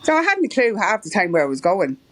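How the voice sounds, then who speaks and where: A woman's voice: medium pitch, huge pitch swings, fast talker. Irish lady guest, middle-aged, rambly casual chat, laughs a lot. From Ireland. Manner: chatty, rambling, laughs often. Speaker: marathon runner guest.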